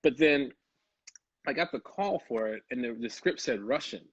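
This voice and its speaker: A young man from Chicago, a guest actor telling stories in a casual, animated way and laughing often. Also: medium pitch, normal speed, slightly rough, dry recording, lo-fi sound. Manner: animated, laughing storyteller who slips into quoted voices. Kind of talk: casual storytelling.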